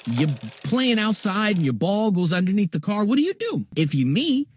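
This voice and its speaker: A man's voice: high voice, very animated, moderate pace, no echo. A man telling a funny childhood story in a casual, slangy way, with profanity and joking asides.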